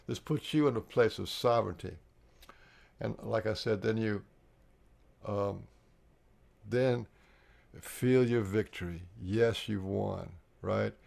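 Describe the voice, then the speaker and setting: A man leading a live online healing workshop, explaining the steps earnestly and pausing often to restart and repeat his words. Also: on the low side, gravelly, a little mellow. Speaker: workshop facilitator.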